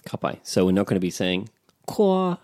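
A man's voice: deep voice, fairly even intonation, quick pace, a little mellow, dry recording, clean studio sound. A man co-hosting a language lesson, attentive and affirming with frequent murmurs. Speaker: podcast co-host and learner. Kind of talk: bilingual language lesson chat.

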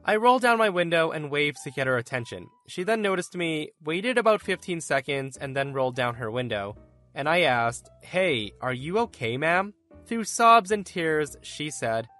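A man hosting a podcast, reading stories aloud in an animated storytelling way. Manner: animated storytelling with lively pitch.

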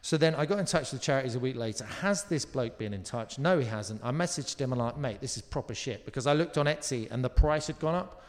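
A man from Surrey telling stories in casual chat on a live talk show, animated and swearing freely. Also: mid-range voice, quick pace, hardly any pauses, big-room sound. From Surrey, England. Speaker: comedian guest.

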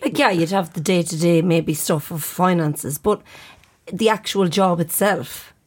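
A woman's voice: lowish voice, unhurried, husky. An Irish woman in casual chat, teasing and blunt with her friends.

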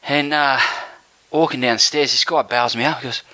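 A man's voice: mid-range voice, normal speed, rough recording. A man co-hosting a podcast, telling stories in casual, swearing banter. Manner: animated storyteller, swears freely. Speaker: podcast co-host.

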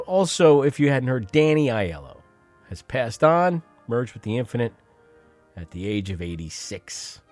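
A man's voice: mid-range voice, big pitch swings, a little slow, long pauses, a little mellow, no echo, soft background music. A middle-aged man hosting a show, giving casual, sardonic commentary over clips. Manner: sardonic, mocking asides. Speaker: radio host.

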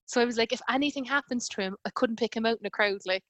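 A woman's voice: fairly high pitch, quick pace, a bit bright, no echo. Chatty woman telling a personal story. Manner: chatty, many fillers and quoted dialogue. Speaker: guest telling her birth story. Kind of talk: casual conversational storytelling.

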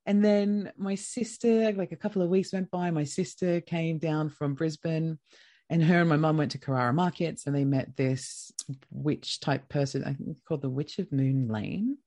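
A woman's voice: sits low, moderate pace. A woman with an Australian accent, a podcast guest telling a personal story casually and acting out what each person said. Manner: lively, acts out quoted dialogue.

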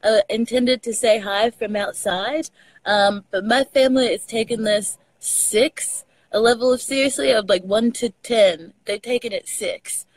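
Texan woman guest, casual storyteller with some cursing, slightly high, dry video-call audio. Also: a little slow, no room sound, rough recording. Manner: chatty storyteller, swears casually. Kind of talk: casual chat over a live video call.

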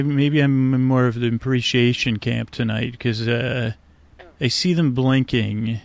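A man with a gravelly, mid-pitched voice muses aloud to the creatures around a night swamp, stumbling through fillers and half-finished thoughts. His talk meanders without hurry, and the sound is close and dry. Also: no echo. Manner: meandering, hesitant, full of restarts and fillers, talks to frogs. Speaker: sleep podcast host. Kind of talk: rambling improvised monologue to nature.

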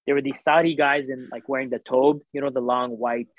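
A man telling a story in casual chat, animated, acting out the voices of the people in it, with lots of fillers. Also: mid-range voice, fairly quick, no echo. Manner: animated, acts out quoted voices, filler-heavy. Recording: tinny phone-like sound.

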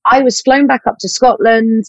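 A woman, an actress talking in an animated, chatty way with fillers and self-corrections in an interview. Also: fairly high pitch, moderate pace, no echo, dull audio. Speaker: actress guest. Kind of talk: casual interview chat.

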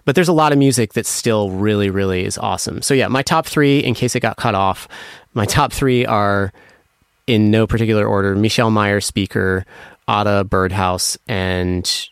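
A man's voice: fairly low pitch, moderate pace, clean tone, dry recording, studio quality. Enthusiastic man rambling about records. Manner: enthusiastic, rambling with many fillers and restarts; emotional, apologetic when moved. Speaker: music producer guest. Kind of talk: casual interview answer.

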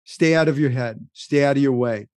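A man's voice: medium pitch, normal speed, darkish tone, no room sound. A man hosting a podcast, giving an emphatic, preachy pep talk straight to the listener. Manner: speaks to listener directly. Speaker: podcast host and acting coach.

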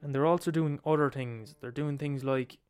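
A man's voice: a little high, fairly even intonation, moderate pace, darkish tone, clean tone, faint music behind. A young man retelling a story in a casual, profane way, acting out quotes as he goes. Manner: profane, swears freely, acts out quotes.

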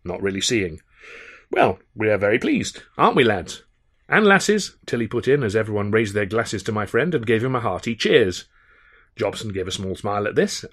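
A man's voice: on the low side, slightly rough. A man reading his own novel aloud in a wry, understated storytelling manner. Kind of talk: audiobook narration.

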